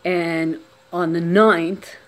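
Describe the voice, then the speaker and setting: Speaking quietly and off the cuff, a woman shares a personal story on camera, often restarting and letting phrases trail away. Her voice sits on the low side, steady in tone, with drawn-out words.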